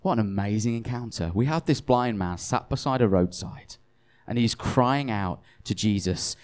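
A man's voice: fairly low pitch, normal speed, a little mellow, smooth. Tired man preaching a chatty sermon. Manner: self-deprecating, chatty, with frequent restarts. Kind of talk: conversational sermon.

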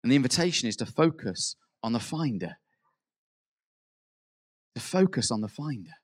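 A man preaching a sermon in an earnest way. He rises to emphatic peaks, then drops soft, and acts out quoted prayers. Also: medium pitch, big pitch swings, moderate pace.

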